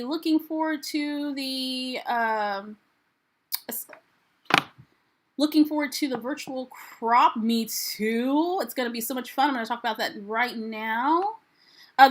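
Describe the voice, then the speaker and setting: An American woman with a somewhat high voice hosts a relaxed live stream. She chats freely and greets her viewers one by one with an upbeat manner as she reads out their comments. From United States. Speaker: livestream host. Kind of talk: casual live-stream chat.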